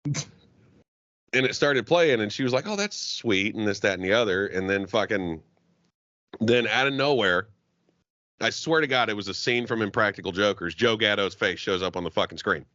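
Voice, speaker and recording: Low-voiced man telling a profane story. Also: moderate pace, no room sound. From Arab heritage. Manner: profane, animated storyteller who acts out quotes. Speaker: podcast guest. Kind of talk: casual storytelling. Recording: dull, dry lo-fi podcast audio.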